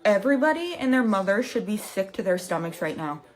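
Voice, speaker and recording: A woman's voice: mid-range voice, big pitch swings, fairly quick. A woman in an emotional reaction video, outraged, swearing, and lost for words.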